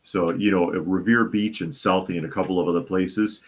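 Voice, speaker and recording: A man from the Boston area with a low, deep voice hosts a casual live talk show. He reads out viewer comments and answers them in a loose, conversational way. He often restarts sentences and repeats his own phrases. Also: steady tone, normal speed.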